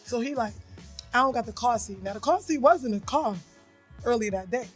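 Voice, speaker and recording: A woman's voice: fairly high pitch, lively intonation, fairly quick, faint music behind. A woman co-hosting a podcast, telling a personal story bluntly in casual chat and acting out the voices she quotes. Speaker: podcast co-host.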